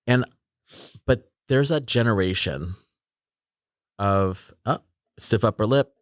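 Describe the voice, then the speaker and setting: A man's voice: on the low side, slow pace, no echo, clean studio sound. A man in his forties in a reflective, rambling casual conversation, often restarting his sentences. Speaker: podcast co-host.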